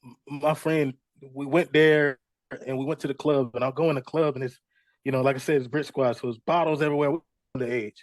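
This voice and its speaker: A young adult man who makes music sits as an interview guest, casually telling his story and acting out what people said to him. His mid-range voice moves a little fast, he's a relaxed storyteller, and the recording has no echo.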